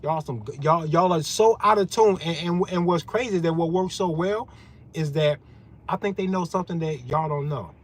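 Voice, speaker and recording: A man's voice: fairly high pitch, normal speed, low-quality recording. A man giving a profane, confrontational rant as a vlogger. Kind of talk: ranting monologue.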